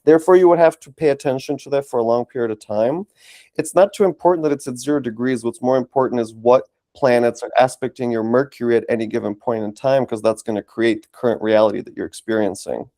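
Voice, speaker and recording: A man calmly explaining an astrology chart in a casual consultation. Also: medium pitch, fast talker, no room sound. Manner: calm, explanatory, lists things in runs. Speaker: astrologer host.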